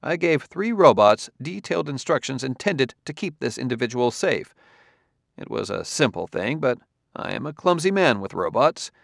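A man's voice: mid-range voice, sing-song, normal speed, vocal fry, no room sound. A blunt male detective from Earth keeps pressing his questions, voice lifted and firm, as a man reads him aloud. The sound is close and dry, with no room around it. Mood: persuasive. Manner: insistent, cross-examining.

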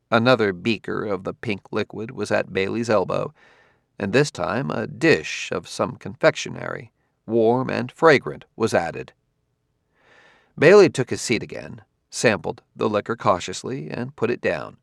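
A man narrating an audiobook in a measured, steady reading style. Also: on the low side, gravelly, no echo, studio quality. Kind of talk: scripted narration.

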